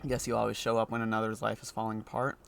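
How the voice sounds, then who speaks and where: A calm, skeptical doctor from a video game asks pointed questions, read aloud by a man close to his own voice. The delivery is dry and measured. Faint background noise sits under it. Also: lowish voice, creaky. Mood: puzzled.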